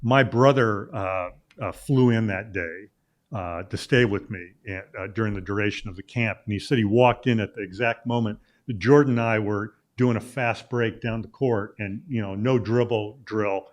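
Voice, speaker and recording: A middle-aged man from Illinois, a sports journalist appearing as a guest, tells a long anecdote in a relaxed, casual way. His voice sits on the low side, and he fills his pauses with "uh" and stumbles into restarts as he goes. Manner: rambling anecdote with many "uh" fillers and restarts. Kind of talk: casual storytelling in a talk interview.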